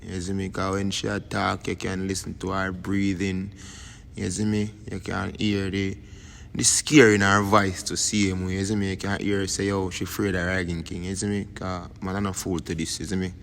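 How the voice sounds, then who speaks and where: A man's voice: deep voice, flat delivery, normal speed, vocal fry. A man with a Jamaican accent giving rambling casual commentary as a YouTube host, tagging lines with "you see me". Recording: long reverb, faint background noise.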